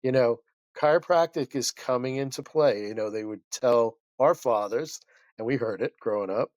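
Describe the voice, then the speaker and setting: Man, guest chiropractor, passionate, rambling, self-interrupting, medium pitch, dry recording. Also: normal speed, darkish tone, no room sound. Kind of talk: casual storytelling interview.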